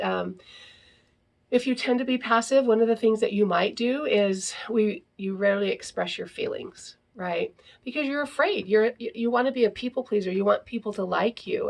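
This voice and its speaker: Gravelly-voiced woman teaching parents. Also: mid-range voice. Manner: frequent "right?" tags, reads aloud from a book. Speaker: parenting podcast host. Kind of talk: casual teaching talk.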